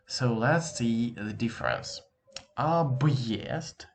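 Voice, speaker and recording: Slow, patient male teacher. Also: fairly low pitch, sing-song, creaky, a bit bright, slight background noise. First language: Russian. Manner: slow, drawn-out demonstration pronunciations; encouraging, patient. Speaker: Russian teacher. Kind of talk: language lesson.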